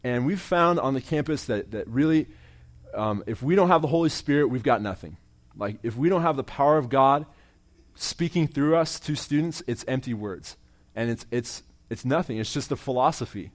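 A young man who serves as a campus minister delivers an earnest, testimony-driven sermon in an animated, mid-range voice at normal speed. He often circles back by repeating words, and his lines tend to go quiet as they finish.

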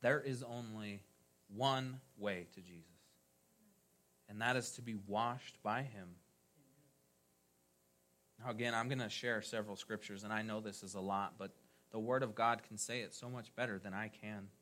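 A man preaching a sermon as a pastor, with emphatic rising phrases that trail off softly at the ends. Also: on the low side, fairly even intonation, moderate pace, pauses often.

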